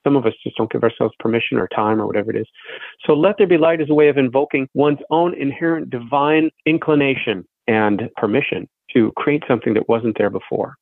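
A man's voice: mid-range voice, fairly quick, vocal fry, no echo. A male songwriter speaking reflectively in a radio interview, explaining his ideas. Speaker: songwriter guest. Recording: phone-line interview, dry.

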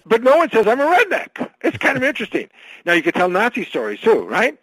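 A man being interviewed as an author guest, talking in an animated storytelling way and telling jokes. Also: extremely high pitch, a little fast, breathy edge, no room sound, rough recording. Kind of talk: radio interview conversation.

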